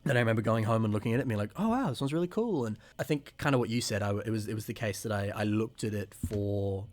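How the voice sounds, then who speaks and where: A man in his twenties chatting casually as a podcast co-host, telling long rambling stories and acting out remembered quotes, clearing a rough morning throat. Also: fairly low pitch, level tone, fast talker. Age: 20s. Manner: rambling storyteller who acts out remembered quotes. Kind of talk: casual chat.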